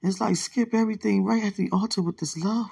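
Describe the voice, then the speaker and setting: Husky, hushed woman in bed. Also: mid-range voice, fairly even intonation, a little fast. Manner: soft, hushed, rambling and affectionate, often religious. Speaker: partner leaving a voice message. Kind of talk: intimate late-night voice message. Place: lying in bed at night. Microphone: phone held close to the mouth.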